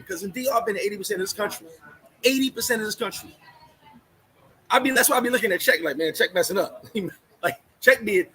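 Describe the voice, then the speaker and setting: A man's voice: high voice, bright, forceful tone, rough recording. A man hosting a casual livestream, ranting bluntly and sarcastically, shifting into chatting with viewers. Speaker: livestream host. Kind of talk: casual live-stream rant.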